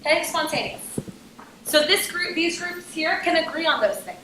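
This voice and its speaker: A young adult woman giving a lively, jokey business workshop talk to a conference audience and asking them questions. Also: very high voice, moderate pace, roomy sound, slight background noise, low-quality recording. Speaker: conference speaker. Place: conference room.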